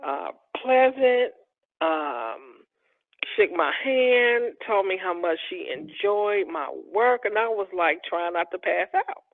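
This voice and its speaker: A middle-aged woman from Chicago, an interior designer telling stories in a casual interview, animated and acting out the dialogue she quotes. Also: mid-range voice, takes it slowly, dry recording. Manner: animated storyteller, acts out quoted dialogue, laughs often. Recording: tinny dry phone-like line.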